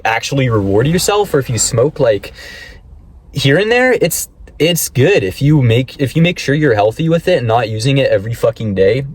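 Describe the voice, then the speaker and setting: A man's voice: medium pitch, slightly rough. A young man rambling in a casual vlog, swearing often and telling stories animatedly. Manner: profane, rambling, animated storytelling. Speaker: vlogger.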